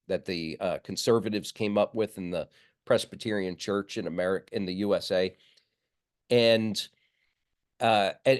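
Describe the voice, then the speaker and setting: A man giving an online seminary lecture from his notes, measured, with fillers and restarts, on a computer mic. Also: lowish voice. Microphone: computer mic on a video call.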